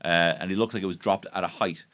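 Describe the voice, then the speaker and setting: A man's voice: low-pitched, fairly even intonation, fast talker, very noisy. A man with an Irish accent hosting a podcast, recapping a baking show in a sarcastic, sweary, mock-outraged monologue. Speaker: podcast host. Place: podcast studio.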